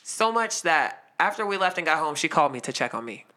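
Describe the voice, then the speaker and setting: A woman in her twenties tells a story in casual conversation, her voice low-pitched and brisk. She's animated, acting out the quoted lines as she goes and laughing while she tells it.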